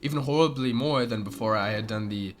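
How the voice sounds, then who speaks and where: A young man casually answering viewer questions as a channel host, rambling and relaxed with filler words. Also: medium pitch, fairly quick. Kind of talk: casual Q&A chat. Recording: music playing underneath.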